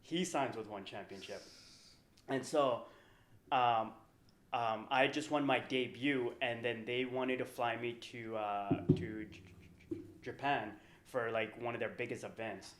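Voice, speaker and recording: A man's voice: medium pitch, fairly even intonation, measured pace, fairly bright tone. A man in his thirties, a professional fighter guesting on a podcast, telling a long story casually with lots of fillers. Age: 30s. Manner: rambling, filler-heavy storytelling. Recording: roomy echo.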